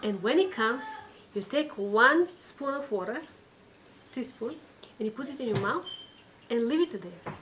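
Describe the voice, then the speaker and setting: In her weekly Torah class, a woman with a fairly high, fairly bright voice tells a story at a measured pace, animated as she voices the quoted characters and repeats phrases for emphasis. The recording is rough, with a little hiss or hum.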